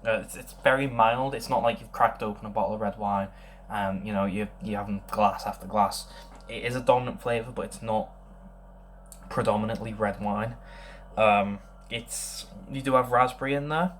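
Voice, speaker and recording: A young man giving a casual beer tasting review, thinking aloud and rambling with many pauses. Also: fairly low pitch, fairly even intonation, slight background noise.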